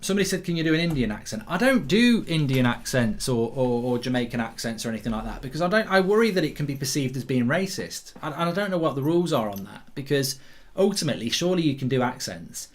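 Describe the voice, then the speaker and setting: A man hosting a live football watchalong, reacting excitably to the play and reading out viewer comments. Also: medium pitch, fast. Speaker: host.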